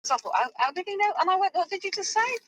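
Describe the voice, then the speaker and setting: A woman's voice: very high-pitched, sing-song, very fast, noisy background. A middle-aged woman, telling a rambling, flustered story in a voice message, full of fillers. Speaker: host's mother, in a voice message.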